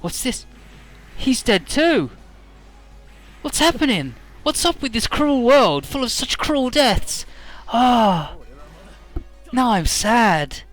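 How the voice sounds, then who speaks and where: A man putting on the voice of a manic, cruel male villain, whining theatrically in a high pitch. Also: sing-song, slow, a bit bright, faint music behind, exaggerated voice. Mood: manic, mock-grieving. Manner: shrill mock-wailing, theatrical whining.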